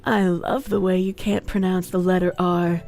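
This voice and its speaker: A leering, flirtatious admirer with a Boston accent, put on by a woman. The voice drops far below her usual register and turns slow and sultry. Faint music plays underneath. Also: fairly low pitch, little pitch movement, a little mellow, voice pushed down, close to an everyday voice.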